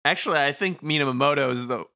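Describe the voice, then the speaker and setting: Casual male co-host, bright, slightly higher voice, laughs easily. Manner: casual, laughs often, reads lines in quick put-on voices. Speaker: podcast co-host. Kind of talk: casual chat, reading game dialogue aloud.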